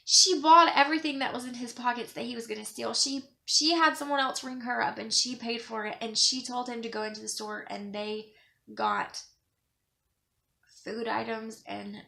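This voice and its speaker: A woman's voice: a little high, fairly even intonation, moderate pace, gravelly, pushed and bright. A young woman vlogging in a casual, rambling way, earnest and close to tears as she talks about kindness. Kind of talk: casual monologue to camera.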